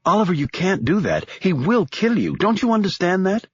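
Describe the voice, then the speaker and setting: A man's voice: high voice, wildly swooping pitch, moderate pace, breathy edge, dry recording, muffled recording, voice pushed up, full character voice. A man voicing a defiant woman con artist. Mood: alarmed. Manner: snappish and defiant, rising to a shout in alarm.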